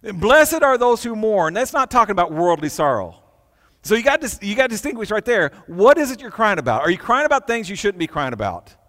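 A male pastor preaching earnestly, stumbling and repeating words as he asks the congregation questions. His voice sits a little high for a man and rings with the long reverb of a church hall. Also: big pitch swings, quick pace, sharp tone. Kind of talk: sermon.

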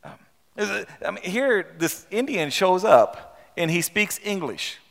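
A man preaching a storytelling sermon, halting and repeating words as he asks rhetorical questions and reads aloud from a book. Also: high voice, big pitch swings, creaky, a bit bright. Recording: long hall reverb.

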